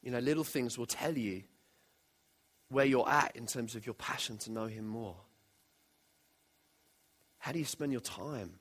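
A man's voice: mid-range voice, unhurried, long pauses, fairly bright tone. A man preaching a sermon in an earnest way, often putting direct questions to his listeners.

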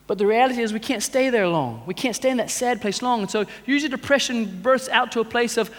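High-voiced man preaching in an echoey hall. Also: expressive, fast, hardly any pauses. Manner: rhetorical questions, swings between loud urging and hushed intensity. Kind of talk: sermon.

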